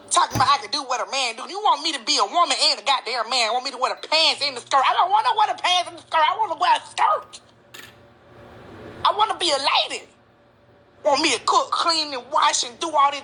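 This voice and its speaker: Comedy creator, woman; fiery indignant rant, high bright tone. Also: a little fast, slight background noise. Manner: indignant, swearing, exaggerated outrage. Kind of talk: comic rant monologue.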